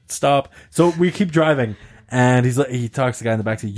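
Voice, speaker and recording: A man telling a long story in casual chat, animated, laughing often and swearing freely. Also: on the high side, fast talker, faint music behind. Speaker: podcast host telling a story.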